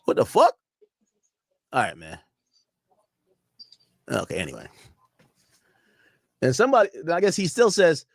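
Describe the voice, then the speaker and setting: A man's voice: medium pitch, normal speed, vocal fry, pauses often, dry recording, studio quality. A young man streaming a casual reaction, rambling and swearing freely as he riffs to his chat. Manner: animated, profane, rambling banter with chat.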